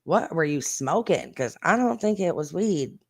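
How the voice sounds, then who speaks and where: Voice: mid-range voice, big pitch swings, normal speed, creaky. A livestream host giving casual commentary on viral videos in a blunt, indignant way, with mild swearing, and talking straight to the viewers. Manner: chatty, talks straight to the viewers.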